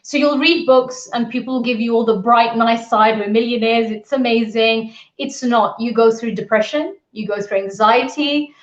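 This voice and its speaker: A young woman giving a candid, energetic talk as a guest speaker on a virtual event, telling her story with acted quotes. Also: on the high side, normal speed, few pauses. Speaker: guest speaker, business mentor. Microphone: video call. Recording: roomy, slightly dull audio.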